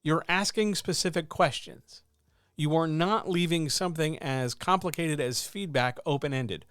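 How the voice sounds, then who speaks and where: His voice sits on the high side, fairly bright with lively intonation at a normal speed. He's a writing coach and editor giving casual, emphatic instruction peppered with rhetorical questions, recorded at studio quality without room sound.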